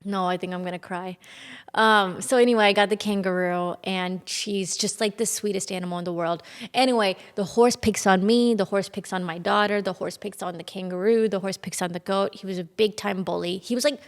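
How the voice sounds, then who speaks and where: Young woman, podcast guest, chatty storyteller with a bit of fry, reverberant room. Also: mid-range voice, brisk, few pauses. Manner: animated, quotes people often, frequent fillers. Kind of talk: casual storytelling. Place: home in Texas.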